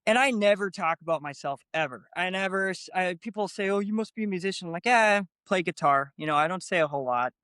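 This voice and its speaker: A man's voice: sits high, quick pace, hardly any pauses, pushed and bright, smooth, dry recording, studio quality. A man in his late twenties, a guest guitarist telling a story in a chatty casual way, full of "you know" asides. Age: late 20s. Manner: chatty, peppers talk with "you know" and "I'm like".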